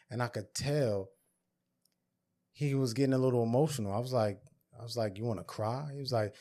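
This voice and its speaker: A man of ordinary pitch hosts a podcast and talks through a personal story in an earnest, reflective way. He slips into the voices of both people in a conversation as he retells it. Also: a little fast, a little mellow. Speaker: podcast host.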